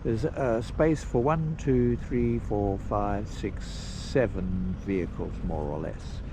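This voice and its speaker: A man casually narrating a road trip outdoors, rambling with pauses and fillers. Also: lowish voice. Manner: slow, rambling, pausing with fillers. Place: outdoors at campsites and parks. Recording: noisy outdoor recording.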